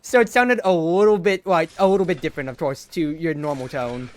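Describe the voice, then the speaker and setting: A woman hosting a casual podcast stream, excitable and teasing. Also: low voice, fairly quick, dry recording. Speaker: podcast host.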